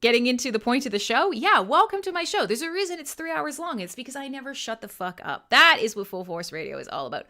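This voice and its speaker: A woman's voice: a little high, big pitch swings, fast talker, few pauses, bright, forceful tone. A Canadian woman hosting a live radio stream, chatting casually and irreverently with listeners, swearing freely and laughing often. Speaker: radio show host.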